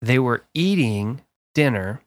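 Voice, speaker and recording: A man's voice: medium pitch, no echo. A man co-hosts a casual podcast, spinning a story at an easy pace with plenty of fillers and chuckles. His voice sits in a middle register and sounds close and dry, with no room around it. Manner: relaxed storyteller, laughs often, halting with fillers. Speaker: podcast co-host.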